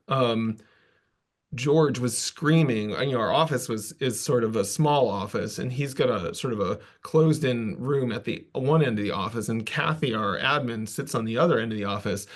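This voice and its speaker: Casual man telling a work story. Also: medium pitch. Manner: casual, self-deprecating, loose asides. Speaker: conference presenter. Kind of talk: conversational storytelling talk.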